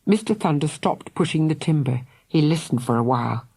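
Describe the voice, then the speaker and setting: A woman narrating a children's audiobook in a dramatic, expressive way. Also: deep voice, a little fast, breathy edge. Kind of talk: scripted narration.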